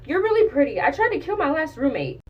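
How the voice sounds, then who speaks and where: A woman's voice: sits high, big pitch swings, fast, recorded from a distance, muffled recording, pitched above the performer's own voice. A woman quoting her unsettling young roommate in a breezy, offhand, sweet-talking tone. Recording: voice a bit off-mic.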